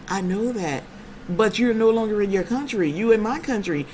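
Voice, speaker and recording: A woman's voice: mid-range voice, lively intonation, moderate pace, a little mellow, slight background noise, poor audio. A woman hosting a casual vlog chat, telling stories to her viewers in a playful, emphatic way. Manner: chatty storyteller, playful and emphatic. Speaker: vlogger host.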